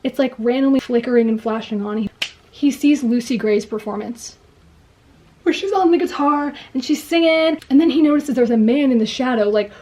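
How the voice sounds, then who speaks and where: Young woman, book vlogger, mellow-toned, gushing, excitable retelling while doing her makeup. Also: on the high side. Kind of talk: get-ready-with-me book chat.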